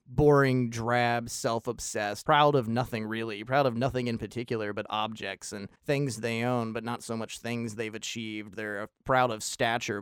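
A man's voice: medium pitch, clear, resonant tone, dry recording, clean studio sound. A man casually reviewing a film on his show, opinionated and rambling, with wry self-deprecating asides.

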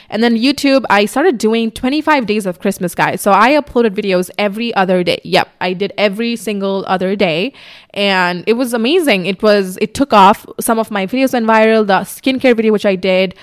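A woman's voice: mid-range voice, clear, resonant tone. A young woman vlogger speaks straight into her tripod camera in a loose, candid sit-down chat. Her voice sits in the middle range, and she talks freely, with casual swearing. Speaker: YouTuber. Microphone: camera on tripod in front of her.

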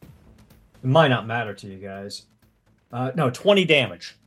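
Slow-talking male game master. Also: medium pitch, animated, a bit bright, husky, faint music behind. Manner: unhurried, explains rules step by step. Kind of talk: narrating a tabletop game.

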